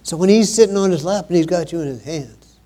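A man preaching a sermon in a conversational way, with many pauses, growing louder and higher when he quotes scripture.

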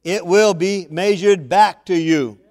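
A man's voice: high-pitched, slow, darkish tone, dry recording, studio quality. A man preaching a sermon, reading scripture aloud and pressing his points with repeated phrases and questions to the congregation. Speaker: pastor.

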